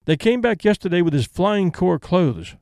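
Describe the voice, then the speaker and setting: A man voicing a plain, restrained middle-aged female companion who speaks in a flat, dutiful way. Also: sits high, moderate pace, gravelly, no echo, clean studio sound, heavily acted.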